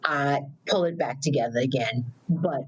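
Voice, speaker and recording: Low-voiced woman telling personal stories. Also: normal speed, breathy edge, rough recording. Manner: reflective, storytelling, repeats words for emphasis. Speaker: podcast co-host. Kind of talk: casual podcast conversation.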